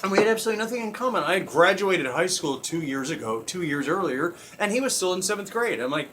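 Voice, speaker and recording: A young man telling a comic story in casual chat, laughing constantly, swearing and acting out loud screams. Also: high-pitched, big pitch swings, quick pace. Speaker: storyteller guest. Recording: distant mic with faint background noise.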